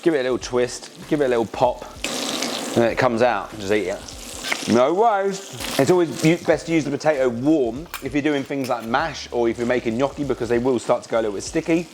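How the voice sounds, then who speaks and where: A man's voice: medium pitch, animated, brisk, noisy background. An enthusiastic man, hosting a casual cooking demonstration in chatty, slangy talk. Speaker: cooking show host. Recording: music playing behind.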